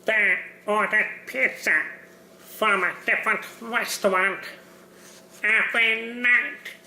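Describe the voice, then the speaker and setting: A chirpy, childlike sock puppet reads a storybook in a slow, sing-song lilt, as a man puts it on. The tone is bright and edgy with a gravelly catch, and the echoey room at home rings around it. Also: high-pitched, steady tone, exaggerated voice. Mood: playful. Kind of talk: reading a picture book aloud.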